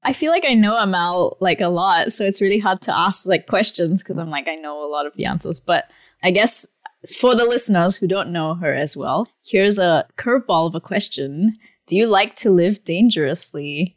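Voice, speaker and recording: A woman's voice: on the low side, expressive, normal speed. A woman hosting a tech podcast, chatty and giggly, introducing guests casually. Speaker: podcast host.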